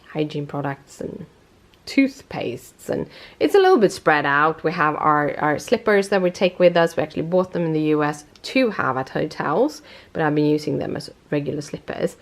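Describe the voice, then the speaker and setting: A woman's voice: low voice, expressive, normal speed, gravelly. Tired woman, chatty and rambling. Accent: British-tinged. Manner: rambling, self-correcting, chatty. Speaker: vlogger. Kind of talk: casual vlog chat. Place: at home.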